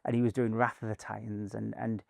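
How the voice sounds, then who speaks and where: A man's voice: on the low side, fairly quick, vocal fry, no echo, clean studio sound. A middle-aged man, a performance coach, telling stories in a casual interview with many restarts. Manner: rambling, many fillers and restarts, animated anecdotes.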